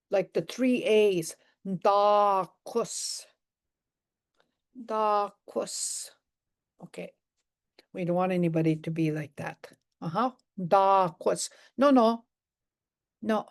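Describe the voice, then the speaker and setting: Slow, patient woman teaching phrases. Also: medium pitch. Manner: patient, repeats each phrase slowly for learners to copy; coaches pronunciation with gentle corrections. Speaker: language teacher. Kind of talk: live language lesson, drilling phrases.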